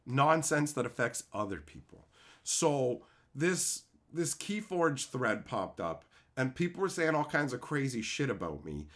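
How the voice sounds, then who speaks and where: A man telling a profane, animated story in a casual rant on his video channel, laughing often. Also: medium pitch. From Canada. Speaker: YouTube host.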